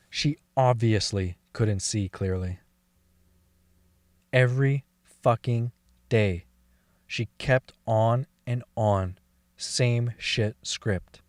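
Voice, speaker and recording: A man's voice: fairly low pitch, no echo. An actor playing a crude, bitter man who has lost his memory after a brain injury, swearing constantly and crying in an audio drama. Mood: scornful. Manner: swears constantly, blunt and scornful. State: crying and laughing.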